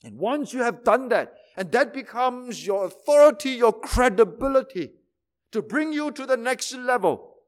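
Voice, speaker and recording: A man with a high voice preaching a sermon. He talks emphatically, builds his points through repetition, and keeps asking rhetorical questions.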